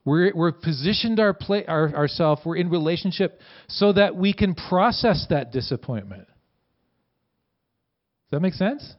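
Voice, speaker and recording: A man preaching in a relaxed, conversational way, his voice sitting a little high for a man. He acts out quoted lines with lift and energy. The recording sounds dull and lo-fi. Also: measured pace. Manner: conversational, animated quoting with rising voice. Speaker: pastor. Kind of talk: sermon.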